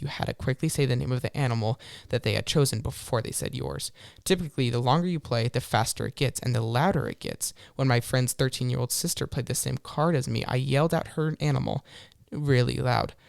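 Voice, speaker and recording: A man's voice: mid-range voice, vocal fry, darkish tone, no echo, studio quality. A man co-hosting a podcast, reading listener stories aloud and chatting in a hesitant, easygoing way. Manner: hesitant, restarts with fillers, laughs along. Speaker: podcast co-host.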